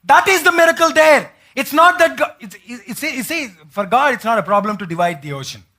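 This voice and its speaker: High-voiced pastor preaching. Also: male voice, lively intonation, a little fast, pushed and bright. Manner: preaching with rhetorical questions to the congregation; acts out the words of biblical figures. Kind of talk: sermon. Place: church.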